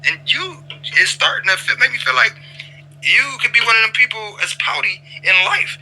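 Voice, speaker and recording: Sharp-toned man lecturing in roleplay. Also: very high voice, animated, moderate pace, faint music behind, low-quality recording. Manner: lecturing, repetitive, stammers on restarts. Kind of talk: in-character roleplay chat.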